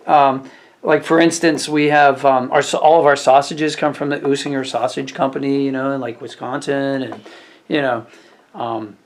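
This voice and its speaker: A man, a restaurant waiter, telling stories from his shift in a rambling, casual way, full of fillers and growing animated. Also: medium pitch, moderate pace. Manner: rambling, filler-heavy retelling that grows animated. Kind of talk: casual storytelling vlog.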